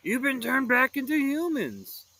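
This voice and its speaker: A man voicing a panicky, easily scared lanky young man with a high yelping voice. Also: sing-song, a little slow, gravelly, pushed and bright, no echo, exaggerated voice. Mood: protesting.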